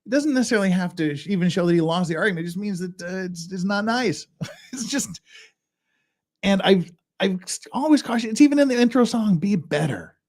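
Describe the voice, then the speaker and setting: A man's voice: sits high, fairly quick, darkish tone. A man hosting a legal commentary show, talking casually in a rambling way with restarts and chuckles. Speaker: host of a legal commentary channel.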